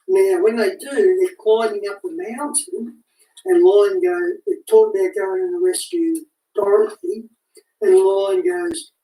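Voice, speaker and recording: Animated woman, echoey and far off. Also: mid-range voice. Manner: animated, restarts and repeats words. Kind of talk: casual spoken commentary. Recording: echoey room, far from the mic.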